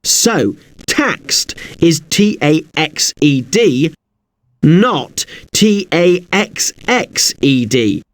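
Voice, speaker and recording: A man teaching an English spelling lesson, spelling words out slowly letter by letter. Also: fairly high pitch, sing-song, no room sound.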